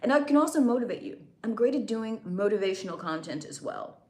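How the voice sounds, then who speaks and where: A woman's voice: a little high, animated, fairly quick. A woman hosting a casual live stream, chatting and teasing her viewers. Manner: teasing, chatty, drops into a soft breathy near-whisper. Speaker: livestream host. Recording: echoey room.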